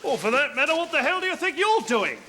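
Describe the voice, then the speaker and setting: A brash Australian colonel. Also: male voice, extremely high pitch, very animated, normal speed, bright, forceful tone, heavily acted. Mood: blunt. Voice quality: brash, blunt. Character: brash blunt Australian male army colonel. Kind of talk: 1970s TV sitcom acting. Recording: noisy old TV soundtrack.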